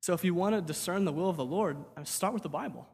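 Conversational pastor preaching in a hall. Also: male voice, high-pitched, fast talker, a little mellow, husky. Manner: conversational, repeats words, asks "right?". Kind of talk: sermon.

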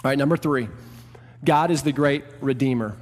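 A male pastor preaching a sermon, swinging between loud emphatic peaks and quieter asides. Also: mid-range voice, moderate pace. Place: church hall. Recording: reverberant church hall.

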